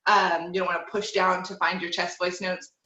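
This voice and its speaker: A young woman teaching an online group voice class, speaking in a relaxed, encouraging way and demonstrating with hums and slides. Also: lowish voice, moderate pace. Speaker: vocal teacher. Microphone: video call. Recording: dull, echoey room sound.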